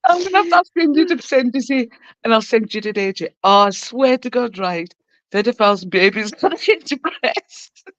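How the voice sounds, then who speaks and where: Co-hosting a livestream, a woman greets viewers and trades gossip laced with swearing in a chatty, casual way. Her voice is a little high and slightly bright, with lively intonation at normal speed, on dull, dry, lo-fi stream audio.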